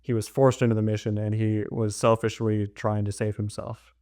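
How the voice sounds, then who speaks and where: A man's voice: on the low side, little pitch movement, moderate pace, darkish tone, no room sound, studio quality. A man co-hosting a casual podcast about a novel, talking in a chatty, meandering way with many fillers and restarts. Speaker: podcast co-host. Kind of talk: casual book discussion.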